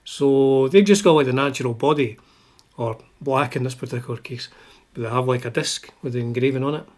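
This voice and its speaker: A man's voice: mid-range voice, fairly quick, a little mellow. A Scottish man hosting a guitar channel, chatting casually with wry jokes and muttered asides. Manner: wry, chatty, drops to asides under his breath. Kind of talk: casual chat.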